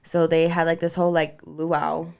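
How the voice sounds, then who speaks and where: A woman's voice: low-pitched, little pitch movement, normal speed, creaky, clear, resonant tone. A young woman co-hosting a podcast, chatting casually and laughing often, with many "like"s and "you know"s. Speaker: podcast co-host. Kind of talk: casual chat.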